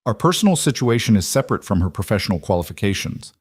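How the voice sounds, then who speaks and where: A man voicing a contrite businessman who keeps his voice steady and even. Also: on the low side, fast talker, slightly rough, no echo, clean studio sound. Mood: steady contrition. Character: contrite businessman husband, middle-aged, steady.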